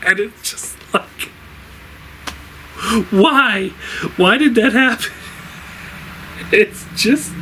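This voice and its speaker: Slow, bright-voiced man, ranting casually. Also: on the high side, a little hiss or hum, poor audio. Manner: laughing, exasperated and rambling with many fillers. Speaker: reviewer. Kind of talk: casual spoken review.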